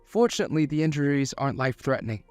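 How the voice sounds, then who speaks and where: A man voicing a cool, precise woman government agent who speaks flatly. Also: a little high, very fast, clear, resonant tone, soft background music, close to an everyday voice. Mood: businesslike. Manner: flat and precise.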